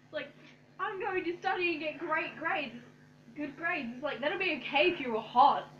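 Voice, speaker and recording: Very high, bright giggly woman. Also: moderate pace. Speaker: friend off camera. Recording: dull, distant lo-fi sound with faint noise.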